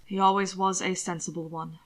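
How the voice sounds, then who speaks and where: A woman voicing a calm, refined aristocratic lord who speaks low and measured, in an audiobook reading. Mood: composed.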